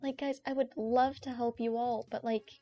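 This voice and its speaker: Playful young woman streamer, mellow tone. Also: a little high, little pitch movement, moderate pace, soft background music. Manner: playful, rambling, joking. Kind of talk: casual gaming stream chat. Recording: dull lo-fi stream audio.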